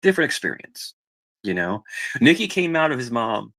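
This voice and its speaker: A man's voice: mid-range voice, sing-song, normal speed, a bit bright. A middle-aged man in casual chat, rambling and repeating himself as he tells family stories. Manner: rambling, repeats himself, acts out quoted voices. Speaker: podcast guest telling family stories.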